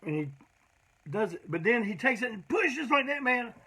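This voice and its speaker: Husky-voiced man spinning rambling road stories. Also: extremely high pitch, sing-song, normal speed, bright, forceful tone. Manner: rambling, profane, peppered with "man". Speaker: punk band singer telling road stories. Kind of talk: casual storytelling monologue.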